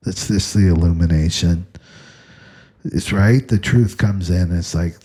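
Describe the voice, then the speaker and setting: A man speaks in a very low, unhurried voice with a dark, husky grain. He delivers spiritual advice in loose, repetitive phrases and keeps checking in with a questioning "right?". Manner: repetitive, asks "right?" constantly. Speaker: astrology teacher. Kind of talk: spiritual talk to camera.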